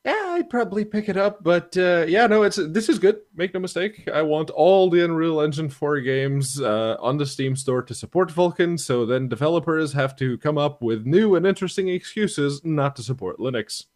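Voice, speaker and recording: Higher-voiced male co-host, dry sarcastic delivery. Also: moderate pace, hardly any pauses, a little mellow. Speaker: podcast co-host. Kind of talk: casual gaming podcast chat.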